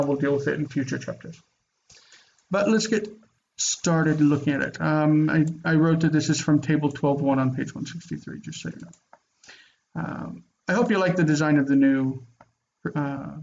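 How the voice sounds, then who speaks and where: A man's voice: fairly high pitch, a little mellow, lo-fi sound. A man teaching a grammar lesson online, explaining rules step by step in a casual way with fillers. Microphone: computer mic on video call.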